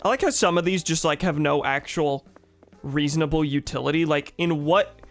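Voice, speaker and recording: A young man with a sore throat streams a game over soft background music, joking around, swearing, and reading the game's dialogue out loud. His voice is a little high and his pace moderate in this casual commentary.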